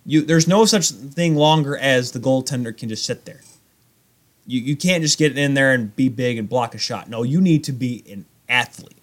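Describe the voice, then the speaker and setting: A man's voice: mid-range voice, normal speed. A young man co-hosting a podcast, rambling in casual chat about hockey and goaltending. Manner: animated, rambling hockey talk. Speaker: podcast co-host.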